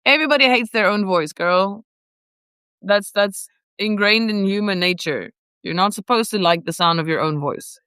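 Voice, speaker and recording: Chatty woman vlogger, playful and rambling, smooth clear voice, dry close sound. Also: mid-range voice, normal speed, sharp tone, no echo. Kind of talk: casual chat, reading viewer comments.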